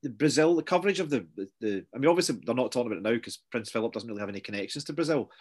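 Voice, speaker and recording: A man's voice: medium pitch, lively intonation, racing, darkish tone. A British man co-hosting a casual political chat, rambling and jokey. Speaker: podcast co-host.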